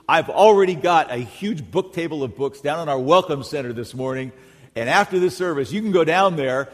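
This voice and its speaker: A middle-aged man preaching at an ordinary pitch, pressing his points with sudden loud bursts and soft, low drops. His voice rings out through a large church hall with a long, trailing reverb. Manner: emphatic preaching that swings between loud peaks and quiet drops. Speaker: pastor. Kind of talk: sermon.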